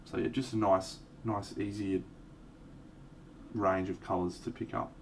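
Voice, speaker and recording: A man's voice: low voice, measured pace. A man streaming live, talking casually and a little self-mockingly as he paints miniatures and explains his colours. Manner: relaxed, rambling, self-mocking asides. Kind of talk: casual live tutorial talk. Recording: distant mic with faint background noise.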